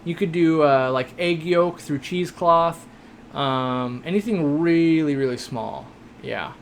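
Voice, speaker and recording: A man's voice: on the high side, a little slow, a little hiss or hum. Chatty young man hosting a live stream. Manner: chatty, joking, rambling with many fillers. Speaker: host of an aquarium shop live stream. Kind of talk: casual live-stream chat, reading viewer questions.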